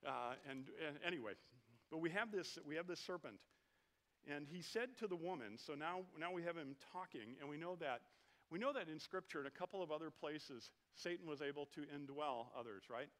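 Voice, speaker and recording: A middle-aged pastor with a slightly high, lively voice and a fairly bright tone preaches at a fairly quick pace. His sermon is conversational and jokey, and he often puts questions to the congregation.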